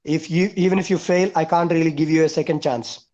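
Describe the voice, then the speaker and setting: A man teaching a class over a video call, speaking in a high voice. He counts off his points one by one and repeats the key words for emphasis. The call audio comes through dull and lo-fi. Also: fairly even intonation, a little fast, mellow. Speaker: English teacher. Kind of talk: online class instruction.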